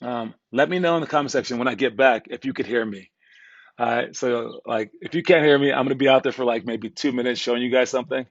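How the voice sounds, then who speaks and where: A man's voice: medium pitch, fast talker, no room sound, lo-fi sound. A young man coaching basketball, telling a motivational story in a rambling, casual way with many fillers and restarts. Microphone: earbud headset mic.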